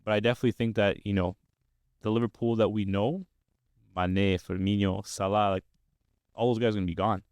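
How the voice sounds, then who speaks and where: A man's voice: fairly low pitch, steady tone, fairly quick, long pauses, darkish tone, smooth, no room sound, studio quality. A young man hosting a casual football podcast, upbeat and steering the talk with questions. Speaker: podcast host. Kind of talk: casual sports chat.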